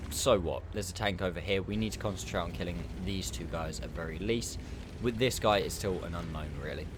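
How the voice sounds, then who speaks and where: A gaming YouTuber with a fairly low voice gives chatty, upbeat gameplay commentary over his own footage, often mocking himself. The background is noisy.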